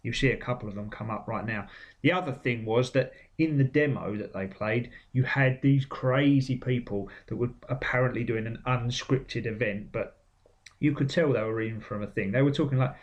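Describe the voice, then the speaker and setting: Blunt, sweary game vlogger. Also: male voice, mid-range voice, normal speed, dull audio. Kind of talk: casual commentary.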